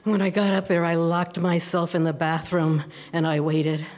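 A woman's voice: on the low side, normal speed. Woman telling a personal story, laughing. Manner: animated, breaks into laughter.

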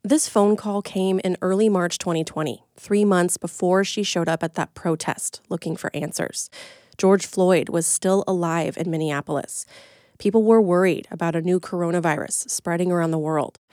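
A woman reporter giving calm, measured scripted narration. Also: fairly low pitch, dry recording, studio quality.

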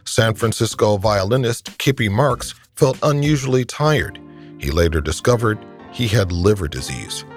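A man hosting a radio program, reading a scripted introduction in a measured, even way. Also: fairly low pitch. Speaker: radio host. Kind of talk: scripted news narration. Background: faint music.

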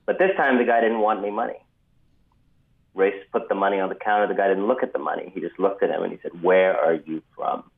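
A man recounting a story on a radio interview, unhurried and dotted with ums. His voice sits very low. It comes through a thin, tinny phone line. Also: fairly even intonation, gravelly. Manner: measured, many ums, vivid retelling. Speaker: author guest.

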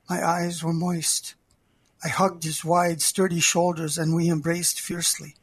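Older guy reading his memoir, kinda high voice, dry close sound, slow and heartfelt. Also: flat delivery, husky, dry recording. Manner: measured, heartfelt. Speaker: memoir author.

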